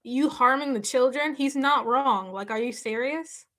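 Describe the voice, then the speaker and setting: A woman hosts a live stream, casually reacting and chatting with viewers. She's emphatic and repetitive and laughs often. Her voice sits high, is a bit bright, and she takes her time.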